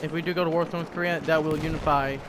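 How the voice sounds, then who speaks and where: Speaking very fast, with a highish voice that barely shifts in pitch, this young American gaming commentator curses and rambles while he plays, darting between topics with asides. Game music and gunfire make up the background noise.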